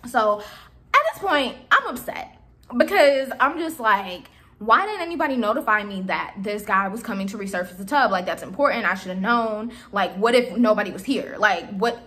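A young woman in her twenties casually retelling a story to her viewers, animated and exasperated, acting out the dialogue. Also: mid-range voice, normal speed. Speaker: vlogger telling a storytime.

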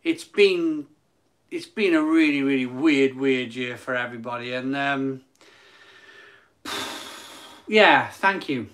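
Speaking slowly and pausing often in a mid-range voice, a man hosts a casual live stream from his phone. He starts out hyping excitedly, then becomes soft and emotional, with repeated phrases and stumbles throughout.

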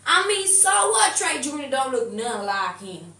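A woman's voice: sits high, big pitch swings, a little slow, bright, forceful tone, heavily acted. A young woman playing a blunt, streetwise girl who talks in heavy slang and trash-talks, in a comedy sketch. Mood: sassy. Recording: echoey room, mic far off, noisy.

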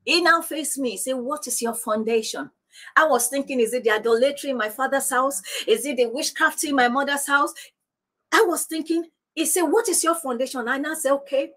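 A woman's voice: high voice, normal speed, a bit bright. A woman pastor preaching on divine healing, insistent and repeating declarations, praying aloud. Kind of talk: sermon teaching on divine healing.

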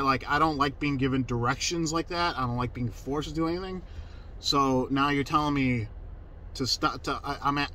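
On a low-quality recording with a bit of hiss or hum, a man with a fairly high, bright, forceful voice tells a personal story. He's casual and emphatic, cursing freely and interrupting himself to restart his sentences.

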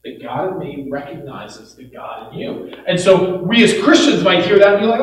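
A male pastor preaches with an animated, playful delivery and slips into quoted voices as he goes. His voice sits fairly high for a man. It rings around a big echoey church hall, picked up from some distance with a faint hum of room noise behind. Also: normal speed, hardly any pauses. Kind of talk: sermon. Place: church auditorium.

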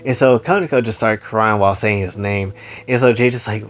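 Laid-back man recapping a story, low voice. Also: fairly even intonation, fairly quick, soft background music. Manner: casual, slangy and loose.

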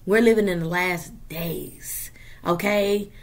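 A woman's voice: lowish voice, slow. A woman giving a casual tarot reading to her viewers, talking in a profane, emphatic way and tagging her points with "okay?" and "period.". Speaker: tarot reader.

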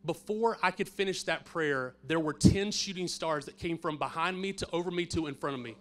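Man, pastor, sermon testimony, earnest, fairly high voice, hushed to emphatic. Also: fairly quick.

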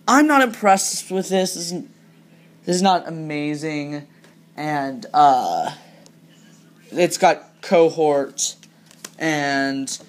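A young adult chatting casually while opening card packs, reading card names aloud, with sudden bursts of excitement. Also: medium pitch. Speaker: card pack-opening vlogger. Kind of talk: casual pack-opening commentary.

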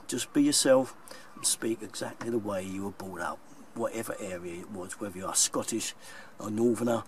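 Older London man, plumber vlogging, plain-spoken and chuckly; off-mic with a faint hiss. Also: lowish voice. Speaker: plumber and video maker. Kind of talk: casual vlog talk to viewers. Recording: distant mic, faint background noise.

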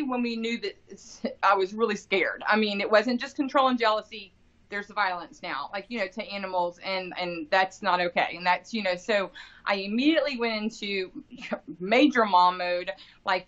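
A woman's voice: mid-range voice, a bit bright. A woman in her forties, a grieving mother and interview guest, telling a painful personal story in a rambling way, full of fillers and restarts. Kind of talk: emotional personal account. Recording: dull lo-fi podcast audio.

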